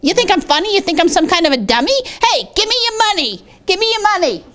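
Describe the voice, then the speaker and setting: A woman's voice: extremely high pitch, big pitch swings, quick pace, a bit bright, voice pushed up, heavily acted. A woman voicing a rude young schoolboy who bullies others, talking in a pushy, mumbling way. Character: boastful rude young boy, a new bully.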